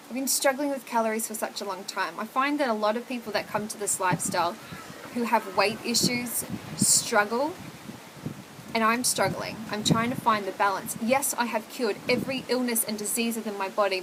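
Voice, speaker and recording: A woman's voice: on the high side, moderate pace, background noise. A young woman, talking candidly to camera at home in a chatty, confessional way, full of "like" and "oh my God". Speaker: vlogger. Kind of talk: candid casual chat to camera.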